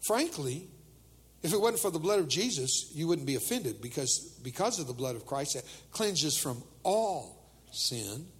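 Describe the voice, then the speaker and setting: A man's voice: on the high side, very animated, moderate pace, slightly rough, big-room sound. An older man preaching a humorous sermon to teenagers, telling jokes and acting out the voices of people in his stories.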